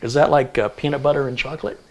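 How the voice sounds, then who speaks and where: A man's voice: mid-range voice, fairly even intonation, fast talker. A middle-aged man hosting a tech livestream, reading out where viewers are from and tossing in jokey asides. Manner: chatty, jokey asides while reading a list. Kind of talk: casual livestream chat, reading viewer locations.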